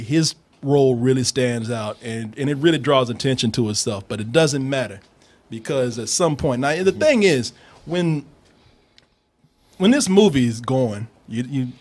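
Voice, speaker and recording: A man hosting a casual movie review, animated and profane, laughing often and slipping into impressions. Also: medium pitch, normal speed, husky.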